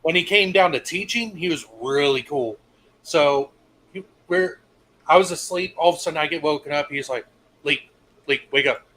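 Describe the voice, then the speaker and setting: A man's voice: fairly high pitch, moderate pace, fairly bright tone, a little hiss or hum, rough recording. A young man co-hosting a casual stream, telling laid-back stories and swearing freely. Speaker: stream co-host. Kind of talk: casual storytelling chat.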